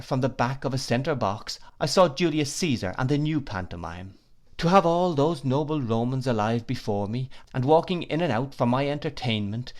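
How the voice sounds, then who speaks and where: A man narrating a classic novel in the first person, reading at a measured pace. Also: mid-range voice, a little mellow. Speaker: audiobook narrator.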